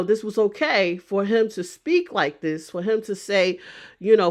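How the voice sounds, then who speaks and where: Woman vlogger, mid-pitched, rambling reflective commentary, repeats herself as she thinks. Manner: discursive, restarts and repeats phrases while thinking aloud. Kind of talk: casual opinion commentary.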